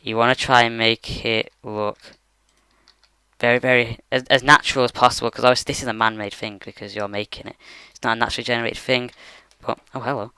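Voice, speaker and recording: Bright, crisp-voiced man explaining casually. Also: medium pitch, little pitch movement, fairly quick, no room sound. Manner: rambling, many fillers like "you know" and "like". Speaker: game tutorial maker. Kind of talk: casual screen-recorded tutorial. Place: his bedroom at the computer.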